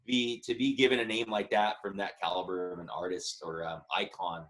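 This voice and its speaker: A man's voice: low-pitched, little pitch movement, brisk, fairly bright tone. A man in his thirties, a musician guest telling a story in a casual interview, chatty and earnest. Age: 30s.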